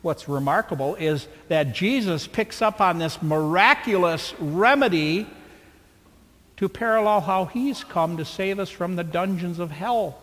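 Slow, high-voiced preacher in a reverberant hall. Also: male voice, expressive, a bit bright. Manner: dramatic preaching with rhetorical questions. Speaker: pastor. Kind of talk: sermon.

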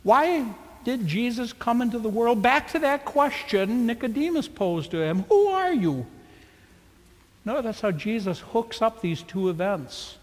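A man's voice: extremely high pitch, lively intonation, unhurried, hardly any pauses, big-room sound. A man preaching a sermon with dramatic rhetorical questions. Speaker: pastor.

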